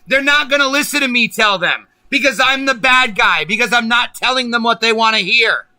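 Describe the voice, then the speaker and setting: A man's voice: very high-pitched, normal speed, bright, forceful tone, no echo. A man hosting a political livestream, ranting angrily and emphatically with lots of profanity. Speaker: livestream host.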